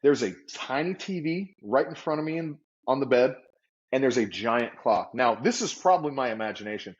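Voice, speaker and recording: A man telling a story as an interview guest, animated and vivid, acting out the people he quotes. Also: medium pitch, normal speed. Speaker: guest entrepreneur. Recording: slightly dull lo-fi audio.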